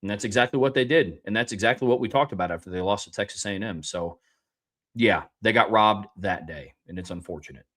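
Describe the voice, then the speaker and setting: A man's voice: lowish voice, fast, fairly bright tone. A man co-hosting a sports podcast who reads listener submissions and gives blunt takes. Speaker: co-host. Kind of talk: casual sports podcast chat.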